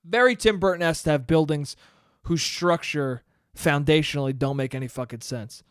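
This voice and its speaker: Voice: mid-range voice, normal speed, clear, resonant tone, no room sound. A podcast host in a casual comedic monologue, rambling, swearing freely and laughing at their own jokes on a close mic.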